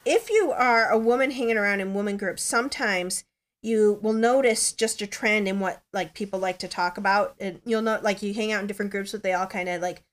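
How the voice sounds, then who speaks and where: A woman's voice: mid-range voice, a little fast. A woman hosting a podcast in casual chat, talking in a chatty, rambling way with many "like" fillers. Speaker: podcast host.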